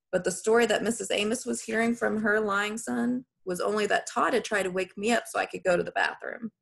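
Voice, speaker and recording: Woman narrator, folksy first-person storytelling, husky tone. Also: mid-range voice. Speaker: audiobook narrator.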